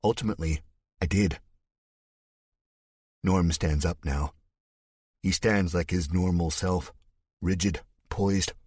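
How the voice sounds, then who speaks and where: A man narrating a thriller audiobook in the first person, with a steady, measured delivery. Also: low voice, husky, dry recording, studio quality.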